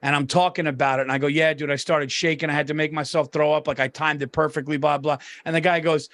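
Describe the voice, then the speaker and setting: A man co-hosting a casual podcast, his voice sitting notably high for a man. He tells long, rambling stories, laughing through them and swearing freely. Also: quick pace, a bit bright. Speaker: podcast co-host. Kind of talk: casual chat.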